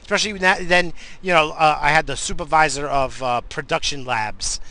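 A man's voice: on the high side, a little fast, bright, forceful tone, low-quality recording. A man hosting a podcast, ranting in an angry, profane and exasperated way. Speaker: podcast host.

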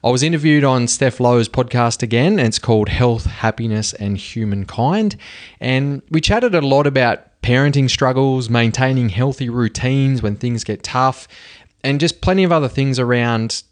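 A man's voice: medium pitch, moderate pace. A man with an Australian accent hosting his podcast, talking casually with slang and frequent laughs. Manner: laid-back, laughs often, uses slang. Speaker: podcast host. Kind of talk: casual podcast intro monologue.

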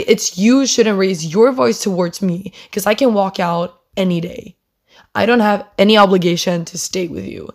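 A young woman, not a native English speaker, casually telling an indignant story with lots of fillers. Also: mid-range voice. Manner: animated, indignant retelling with fillers.

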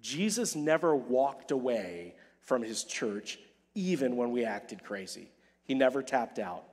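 Animated male pastor preaching. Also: mid-range voice, a little slow, big-room sound. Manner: animated, repeats key phrases for emphasis; plays out quoted dialogue. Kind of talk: sermon.

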